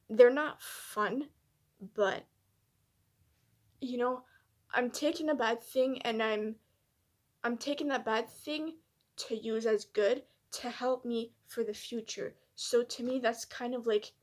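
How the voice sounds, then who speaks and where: Hesitant woman with a higher voice. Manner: hesitant and soft-spoken, many fillers and restarts; candid, self-reflective. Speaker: vlogger. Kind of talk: personal reflective vlog.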